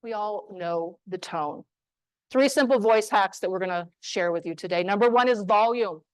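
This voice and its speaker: A woman from New Mexico giving a motivational talk on voice skills to a live audience, emphatic and punchy with deliberate pauses. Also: mid-range voice, smooth, no room sound, rough recording. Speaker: speaker on voice skills. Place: room with an audience.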